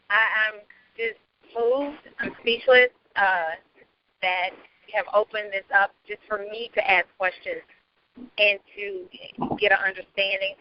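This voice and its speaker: A woman in her thirties, a guest asking questions, gives an earnest, halting, emotional personal testimony while speaking on a call from her car. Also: mid-range voice, lo-fi sound, a little hiss or hum. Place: in a moving car. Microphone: phone or call audio while driving.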